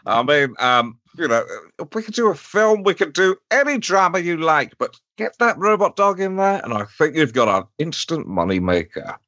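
Man doing Alan Partridge, pompous and bright. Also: on the high side, big pitch swings, moderate pace, hardly any pauses, no room sound, dull audio, voice pushed up. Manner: rambling, self-important salesman patter. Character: pompous middle-aged male TV presenter.

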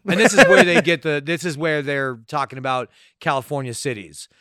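A man's voice: on the high side, animated, sharp tone, smooth, no room sound, studio quality. A man co-hosting a casual movie podcast, joking, swearing and laughing along. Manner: joking, profane, quick to laugh. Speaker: podcast co-host.

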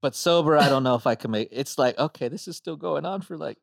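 A young man hosting a casual podcast, animated and swearing, breaking into loud laughs. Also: fairly high pitch, fast, vocal fry, no echo, clean studio sound. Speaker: podcast host. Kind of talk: casual chat.

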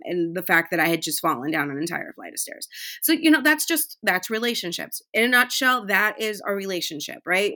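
Bright-voiced woman chatting heartfelt. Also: mid-range voice. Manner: chatty, heartfelt, many fillers. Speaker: podcast host. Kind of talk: casual monologue.

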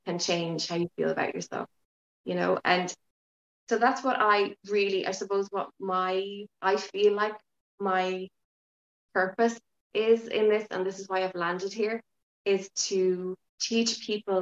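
Frank woman in a roomy, muffled recording. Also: mid-range voice. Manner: frank, lively, swears casually. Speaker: podcast guest, yoga teacher. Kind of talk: casual interview chat.

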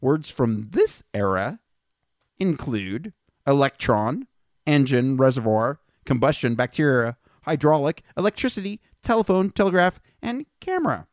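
A man's voice: mid-range voice, animated, unhurried, no echo. Joking man reading facts on a podcast. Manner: joking, reads out facts between banter. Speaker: podcast co-host presenting facts. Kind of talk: casual podcast chat.

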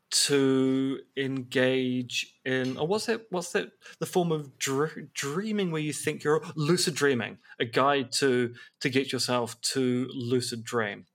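A man co-hosting a podcast, telling stories in casual chat with wry, quick asides. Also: medium pitch. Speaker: podcast co-host. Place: apartment.

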